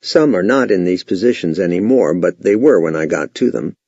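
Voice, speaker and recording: A male sales trainer narrating a lesson with emphatic authority. His voice is low, mellow and slightly husky, with lively swings in pitch. The recording is dry and a little dull, like a lo-fi voice-over. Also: fairly quick, no room sound. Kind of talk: scripted instructional narration.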